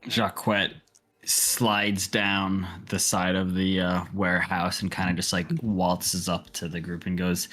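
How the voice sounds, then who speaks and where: Low, bright-toned player. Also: male voice, flat delivery, takes it slowly, faint music behind. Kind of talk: casual tabletop chat.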